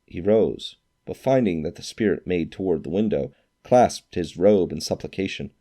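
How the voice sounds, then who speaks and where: Deep-voiced man narrating a classic tale. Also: moderate pace. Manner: expressive storytelling, acts out quoted lines. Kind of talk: scripted narration of a classic novel.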